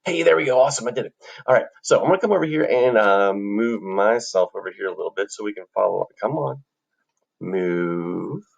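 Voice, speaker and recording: A man's voice: lowish voice, lively intonation, fast talker, vocal fry. A man teaching an online music lesson to children, upbeat and encouraging as he chants rhythm syllables, recorded on a computer microphone indoors.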